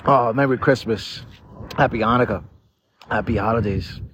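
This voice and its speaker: A man's voice: mid-range voice, normal speed, fairly bright tone, a little hiss or hum. A tipsy, slurring young man tells a rambling, profane story straight to his viewers from a park. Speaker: vlogger. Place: outdoors in a park.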